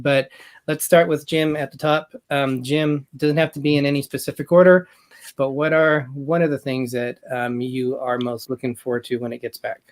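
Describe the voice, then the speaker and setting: A man co-hosting a casual chat, leading the questions and laughing often. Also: a little high. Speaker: co-host.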